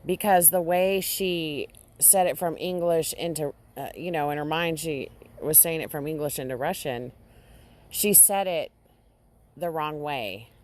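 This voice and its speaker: A woman vlogger casually recounting a dream to her audience, halting often and restarting her sentences. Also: deep voice, darkish tone. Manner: halting, with frequent restarts and fillers. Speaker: Christian vlogger.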